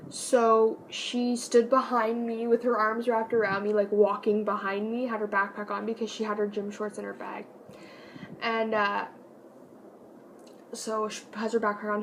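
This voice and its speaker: A young woman casually telling a personal story on her vlog, chatty and animated, with lots of fillers. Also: medium pitch, slight background noise, low-quality recording. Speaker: vlogger.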